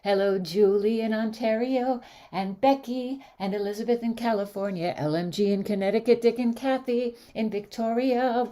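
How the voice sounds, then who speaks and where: Hosting an online sing-along, this woman talks at a moderate pace in a slightly high voice. Her warm greetings and casual chat are lively and upbeat as she calls out viewers one by one by name.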